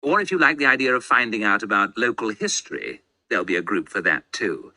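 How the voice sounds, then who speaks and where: A formal, measured speaker delivering a welcome talk. His voice sits low but moves a lot, and it has a very bright, sharp edge. The sound is dry and close. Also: animated, no room sound. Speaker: lecturer in a listening-test recording.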